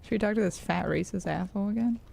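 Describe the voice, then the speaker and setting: A woman's voice: medium pitch, fast, creaky, a little mellow. An American woman live-streaming a game, chatting casually and rambling with many fillers and laughs. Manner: rambling, giggly, lots of fillers. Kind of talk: casual live-stream chat while gaming.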